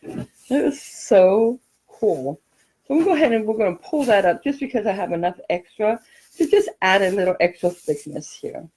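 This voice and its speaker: A woman's voice: medium pitch, lively intonation, normal speed, dark tone, breathy edge, low-quality recording. A middle-aged woman from California, chatting and rambling through a craft tutorial, laughing often as she tells stories.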